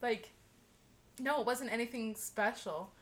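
A young woman casually telling a friend a story, animated, swearing freely and laughing as she talks. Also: a little high, measured pace. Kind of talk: casual chat.

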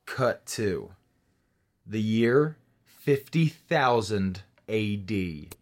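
A man's voice: fairly low pitch, animated, extremely slow. A man telling a made-up story casually and profanely, tagging lines with "right?". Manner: profane, fillers and "right?" tags.

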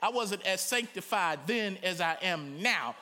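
A middle-aged man preaching a sermon in a colloquial, animated way, breaking into loud cries and acted-out quotes. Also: high-pitched, a little slow. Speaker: pastor.

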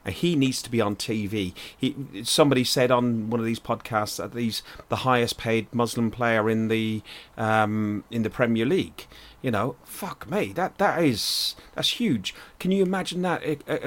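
A man hosting a casual podcast chat, forceful and swearing as he steers the talk. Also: medium pitch, normal speed. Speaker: podcast host.

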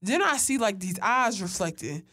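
A young woman from Philadelphia telling stories in an animated, laughing, profane casual chat. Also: mid-range voice, moderate pace. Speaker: storyteller.

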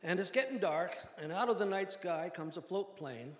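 A man's voice: high voice, expressive, moderate pace. An older man telling a personal story to a live audience in a wry, self-deprecating way, often laughing through his lines. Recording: echoey hall with long reverb.

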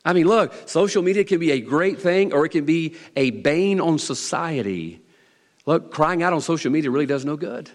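Southern man as pastor, lively folksy sermon, slightly high voice, long hall reverb. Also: moderate pace. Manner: folksy, teasing, emphatic preaching with repeated lines.

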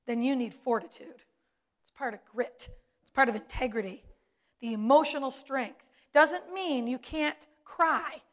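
A woman preaches from the pulpit in a high, bright-sounding voice. She leans hard on single words, repeating them for emphasis. Her delivery is warm, personal and sermon-paced. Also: measured pace. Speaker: preacher, pastor's wife.

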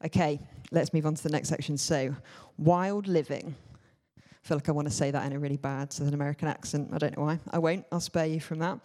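A man's voice: fairly high pitch, steady tone, fast talker, mellow. A man giving a conversational sermon, informal and hedging, with many fillers and asides. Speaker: church speaker. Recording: long hall reverb.

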